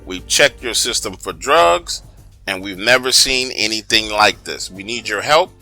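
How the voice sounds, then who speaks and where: A man doing a calm, patronizing psychiatrist. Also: fairly low pitch, faint music behind, pitched below the performer's own voice, full character voice. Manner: slow, soft, measured.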